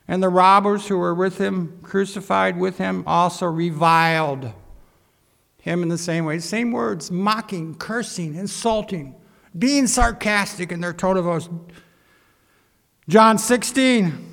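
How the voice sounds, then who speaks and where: A man preaching a sermon as a pastor and reading scripture aloud, his voice rising and growing louder in the quoted mockery. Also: high voice, measured pace, vocal fry. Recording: hall reverb.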